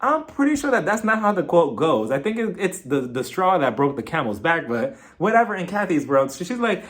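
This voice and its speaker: A man hosting a casual reality TV recap vlog, sassy and quick to laugh, slipping into voices. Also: high voice, sing-song, fairly bright tone.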